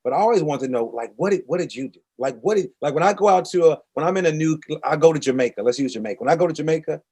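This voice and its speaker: A man hosting an interview, animated and chatty, often restarting his questions. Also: on the high side, rapid-fire, slightly rough. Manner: animated, restarts and repeats himself. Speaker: interview host. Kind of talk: conversational interview.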